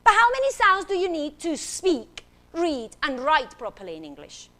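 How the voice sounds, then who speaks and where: A woman's voice: high voice, wildly swooping pitch, moderate pace, pushed and bright. A woman giving a talk on phonics, playful and theatrical, leading the audience to repeat sounds. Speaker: phonics teacher and speaker. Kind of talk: animated talk with classroom demonstration. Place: stage before an audience.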